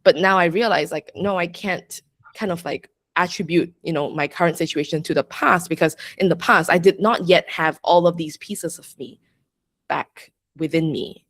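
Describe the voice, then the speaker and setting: A woman's voice: on the low side, normal speed, a bit bright, no echo. A young adult woman, a podcast guest and astrologer, chatting reflectively with lots of "like" and frequent laughter. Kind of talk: casual interview chat.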